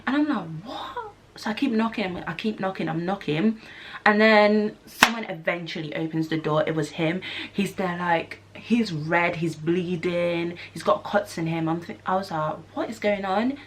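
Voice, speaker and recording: A young woman, telling an animated storytime vlog and acting out the voices she quotes. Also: fairly low pitch, moderate pace, heavy background noise. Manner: animated, acts out screams and quotes. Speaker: vlogger. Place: student flat room.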